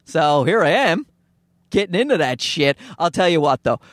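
A man with a Newfoundland accent and a nasal, fairly high voice hosts his own podcast as a stand-up comic. He rambles along, swears casually and mocks himself, with a dry, close sound and no room behind him. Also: big pitch swings, moderate pace, no echo. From Newfoundland, Canada. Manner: rambling, self-deprecating, swears freely, mimics people in higher voices. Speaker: stand-up comedian hosting a podcast. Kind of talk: casual comedic monologue. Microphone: podcast microphone.

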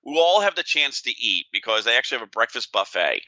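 A man co-hosting a podcast, telling stories in a lively way, swearing freely and laughing often. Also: mid-range voice, quick pace, no echo, dull audio. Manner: animated storyteller, swears a lot, laughs often. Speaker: podcast co-host. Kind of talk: casual podcast chat.

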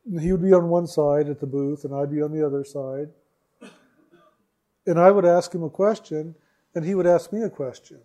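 A man telling a personal story in a slow, reflective way, repeating phrases for emphasis. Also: on the high side, mellow. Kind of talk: storytelling talk.

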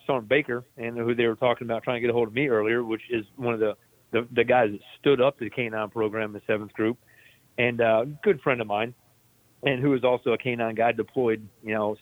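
A man's voice: mid-range voice, no echo. An army veteran telling a story in a laid-back, profane way, laughing as he goes. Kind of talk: casual storytelling. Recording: tinny phone-like line.

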